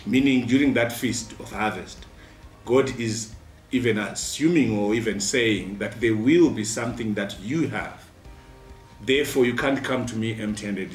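A man giving a midweek devotion as a pastor, earnest and steady, with frequent pauses. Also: on the low side. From Zimbabwe. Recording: roomy sound from a distant mic, faint music.

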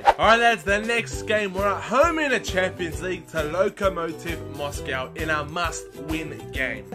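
A young man giving excited, chatty commentary over his own football video game match, shouting at the big moments. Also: sits high. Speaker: gaming YouTuber. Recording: audible background noise.

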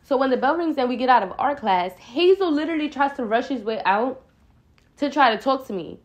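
A young woman vlogger telling a storytime in casual slang, often calling viewers y'all and acting out her own lines. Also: brisk. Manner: animated retelling, acts out her own quoted lines louder and higher.

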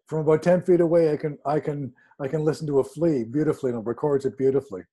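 A man telling a story in a casual, animated way, acting out quoted dialogue with sudden jumps in pitch. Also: fast, breathy edge. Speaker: guest speaker.

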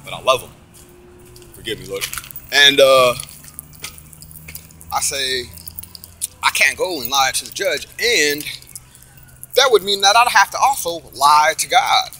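A man's voice: fairly high pitch, measured pace, pauses often, slight background noise. A man casually telling a story about his own court case, swearing often, acting out what others said and preaching about faith. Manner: animated, profane, preachy, acts out quotes.

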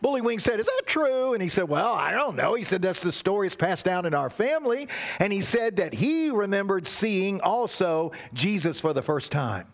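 A man's voice: high-pitched, very animated, moderate pace. A man leading a church service as guest pastor, telling a playful children's story and leading the congregation. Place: church sanctuary.

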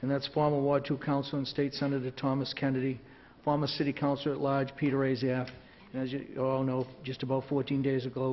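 A man with a cold-roughened, raspy voice leads formal proceedings in a council chamber. He speaks haltingly, with fillers and restarts. The recording sounds dull and carries a faint hiss. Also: mid-range voice. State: hoarse from a cold. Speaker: council president running the ceremony.

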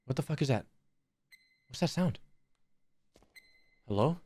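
With a mid-range, slightly mellow voice, this young streamer keeps a measured pace yet sounds animated while playing a horror game. He jokes crudely and profanely with his chat, muttering anxiously under his breath between lines.

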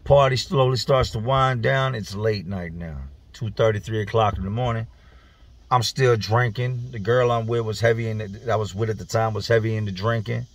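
A man casually telling a profane, slangy street story as a vlogger, animated as he retells it. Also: on the low side, moderate pace, no room sound.

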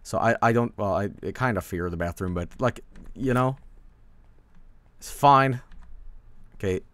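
A man's voice: lowish voice, unhurried, fairly bright tone, no room sound. A man from Sweden with a Swedish accent, casually rambling and swearing while commenting on a game stream.

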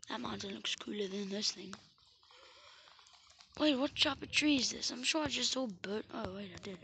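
A woman's voice: mid-range voice, moderate pace, vocal fry, sharp tone. A woman chatting casually over a game she is playing, rambling to herself, humming and singing snatches and slipping into whispered asides. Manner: rambling, hums and sings to self, drops into whispered asides. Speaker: gaming channel host. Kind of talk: casual gameplay commentary. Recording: noisy background.

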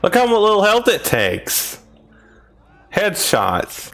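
A man giving profane, exasperated commentary over a video game, dropping from low grumbles to high shouts. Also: very animated, measured pace, a little hiss or hum. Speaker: gameplay commentator.

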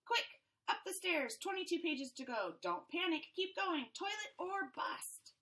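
Lady reading a storybook as a panicky little fish, super high and bright, big dramatic gasps, swoops all over the place. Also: big pitch swings, unhurried, full character voice. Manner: theatrical, over-the-top gasping. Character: frantic, melodramatic little fish stranded out of water. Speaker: storybook reader. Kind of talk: reading a picture book aloud.

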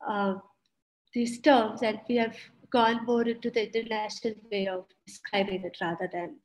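A woman's voice: medium pitch, fairly even intonation, moderate pace, rough recording. A woman with an Indian English accent presenting on a panel, chatty and full of fillers.

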